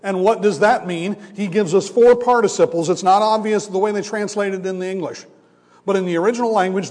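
A man preaching a sermon as a pastor, teaching with emphatic contrasts and slowing down to stress his points. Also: high voice, a little mellow. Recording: long reverb of a large hall.

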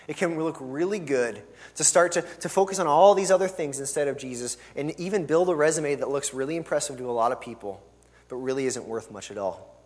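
An earnest male pastor preaching, his voice sitting a little high for a man. He presses hard on key words and then lets phrases fall away quietly. The sound rings with the long reverb of a large church hall. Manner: earnest and emphatic, swelling on key words then dropping soft. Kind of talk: sermon.

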